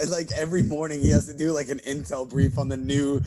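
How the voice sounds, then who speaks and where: A man's voice: on the high side, level tone, brisk, dark tone, a little hiss or hum. A man hosting a podcast, chatting casually and telling rambling stories, often through laughter. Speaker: podcast host. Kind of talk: casual chat.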